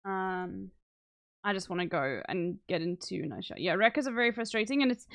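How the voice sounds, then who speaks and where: A tired woman streamer talking casually to her chat with a smooth, clean voice. She speaks softly and haltingly, restarting and trailing off as she winds down. Her pitch sits in the middle. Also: animated.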